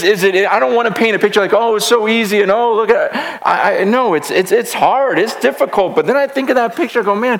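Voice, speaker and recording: A man with a slightly high, rough, gravelly voice shares a heartfelt testimony before a gathered room. He speaks earnestly and with emphasis, mixing conviction with wry, self-deprecating humor. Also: a bit bright. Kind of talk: passionate personal testimony. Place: room with a live audience.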